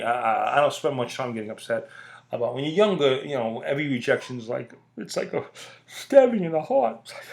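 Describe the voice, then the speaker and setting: A man's voice: mid-range voice, creaky, darkish tone. Blunt, profane middle-aged man ranting. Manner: blunt, profane, emphatic, repeats points. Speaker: podcast host. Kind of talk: casual ranting monologue.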